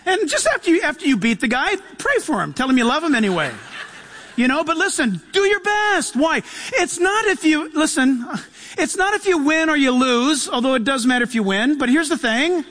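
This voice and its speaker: A man preaching a sermon in a lively, animated way, acting out quotes and laughing often. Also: very high-pitched. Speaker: pastor. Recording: long hall reverb.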